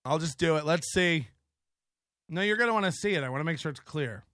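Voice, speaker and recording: A man's voice: fairly high pitch, lively intonation, fairly quick, fairly bright tone, no room sound, studio quality. A man hosting a live online show in casual commentary, profane and mocking, laughing often.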